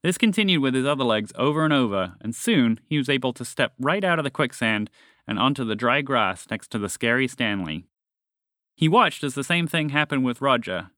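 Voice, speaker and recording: Guy reading a kids story aloud, bright clear voice, dry close sound. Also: animated, fairly quick, no room sound. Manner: gentle storybook reading, raising his pitch for characters' lines. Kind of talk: children's story narration.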